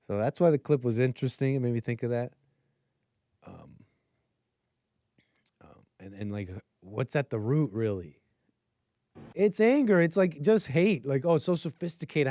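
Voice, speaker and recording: A man hosting a livestream talks through his opinions in a rambling, filler-heavy way. His medium-pitched voice is expressive and mellow, moving at a moderate pace with long pauses, in studio-quality audio with no room sound.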